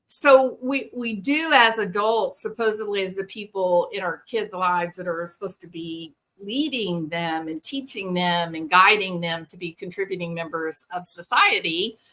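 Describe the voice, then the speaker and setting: A woman hosting a talk show, explaining things casually and acting out parents and children in quick quoted voices. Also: mid-range voice, sharp tone. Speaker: podcast host. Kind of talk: explanatory commentary.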